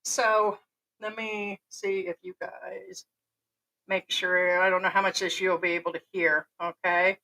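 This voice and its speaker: A woman's voice: lowish voice, little pitch movement, a little slow, bright, forceful tone, rough recording. An American woman giving blunt, profane, rambling commentary as an expat vlogger. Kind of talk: casual vlog commentary.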